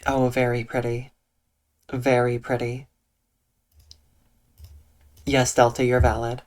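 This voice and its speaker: A streamer chatting calmly and softly with viewers on a live stream, using eloquent diction and a dry, deadpan delivery. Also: medium pitch, slow. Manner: soft, calm tone with eloquent diction. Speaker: Twitch streamer. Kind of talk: casual livestream chat reading out viewer comments.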